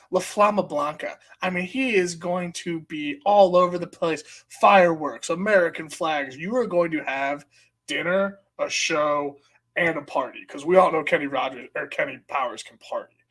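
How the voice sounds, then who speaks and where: Excitable man co-hosting a sports podcast. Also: fairly high pitch. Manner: loud, excitable, swears and laughs. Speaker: podcast co-host. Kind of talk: casual sports chat. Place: podcast studio.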